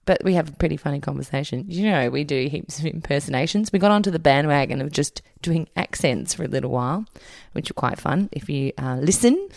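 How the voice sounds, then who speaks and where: A woman's voice: sits low, vocal fry, darkish tone, dry recording, clean studio sound. A woman hosting a podcast in casual chat, giggly and teasing. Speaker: podcast host.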